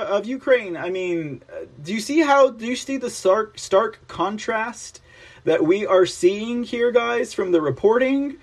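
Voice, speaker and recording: A man's voice: high-pitched, lively intonation, measured pace. A man hosting a news show, reading reports aloud and breaking in with emphatic, sarcastic asides. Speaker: host.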